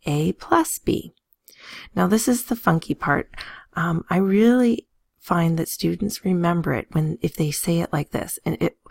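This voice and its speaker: Woman math teacher, low gravelly voice, playful, dry close mic. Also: darkish tone, no echo. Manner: playful, sings little tunes and jokes. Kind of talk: recorded classroom lesson.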